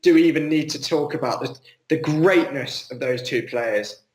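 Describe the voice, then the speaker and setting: A man co-hosts a casual football chat, relaxed and hesitant as he weighs his picks. His voice sits a little high for a man. The recording has noticeable room echo. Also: moderate pace. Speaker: podcast co-host. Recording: echoey room.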